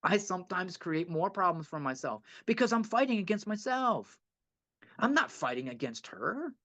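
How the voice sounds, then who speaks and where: A man's voice: high-pitched, big pitch swings, normal speed, pushed and bright. Earnest man sharing his recovery story. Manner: earnest, repeats himself, laughs a little. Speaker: recovery meeting speaker. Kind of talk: personal recovery talk.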